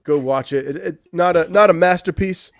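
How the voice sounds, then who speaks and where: A man's voice: high voice, normal speed, no echo, clean studio sound. A man co-hosting a casual movie review podcast, rambling with restarts and fillers. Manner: rambling, many restarts and "you know". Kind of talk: casual chat.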